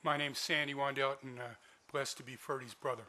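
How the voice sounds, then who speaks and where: A man's voice: mid-range voice, fairly even intonation, fairly quick, bright, forceful tone, low-quality recording. A man speaking formally and graciously at his brother's memorial service. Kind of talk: memorial speech.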